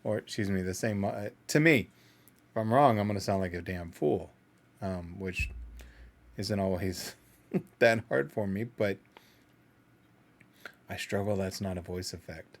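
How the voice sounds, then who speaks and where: A man's voice: sits low, measured pace, pauses often. A man hosting a casual music reaction video, thinking aloud in an analytical, self-doubting way.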